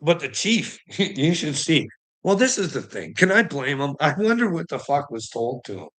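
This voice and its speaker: Bright-voiced guy ranting and cussing, keeps laughing bitterly, kinda high pitched. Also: very animated, normal speed. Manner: profane, ranting, laughs bitterly between lines. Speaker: vlogger. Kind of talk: angry monologue.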